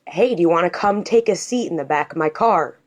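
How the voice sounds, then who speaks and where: A woman voicing an adult male police officer who asks calm, patronizing questions. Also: on the low side, fairly quick. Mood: probing.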